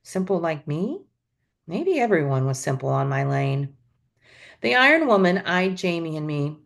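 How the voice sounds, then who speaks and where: Lady teacher reading a chapter book out loud, lowish voice, expressive, chats in little asides. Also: measured pace, vocal fry. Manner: expressive storytelling, adds asides. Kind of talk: reading a novel aloud.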